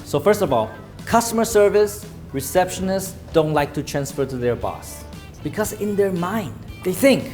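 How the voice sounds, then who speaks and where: Male sales trainer, emphatic lecturer with a higher register, commanding in role-play. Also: expressive, normal speed, over music. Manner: emphatic, acts out phone calls in a commanding tone. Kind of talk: lecture to a live class.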